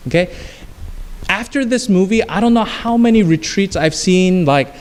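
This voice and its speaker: A man with a high voice preaches a sermon, telling a story with lively, acted-out lines. His voice rings with a long reverb from a large hall. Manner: storytelling, acting out scenes with voices and screams. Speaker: pastor.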